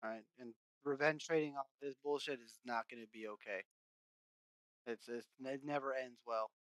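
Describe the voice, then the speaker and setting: A man on a podcast giving calm advice in casual chat. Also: mid-range voice, moderate pace, smooth, no echo, low-quality recording. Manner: calm, advising.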